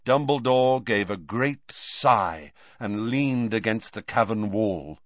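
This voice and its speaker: A man's voice: fairly low pitch, animated, slow pace, a bit bright, no room sound, lo-fi sound. A man reading a fantasy novel aloud as an audiobook narrator, with dramatic, swelling delivery. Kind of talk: scripted narration.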